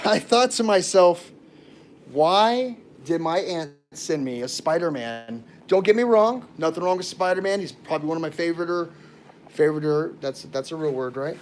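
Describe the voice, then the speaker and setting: A man's voice: on the high side, lively intonation, normal speed, a little hiss or hum. A man telling rambling stories to viewers on a casual livestream, often stopping himself mid-sentence. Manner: rambling, chatty, self-interrupting, talks to viewers. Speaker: live streamer.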